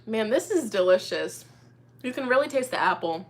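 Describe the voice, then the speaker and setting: A young woman with a slightly high voice chats casually on a live stream as a tarot reader. She rambles in an upbeat, friendly way, leaning on fillers as she talks. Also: animated, moderate pace, slight background noise. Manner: chatty, upbeat, lots of fillers like "you know" and "like".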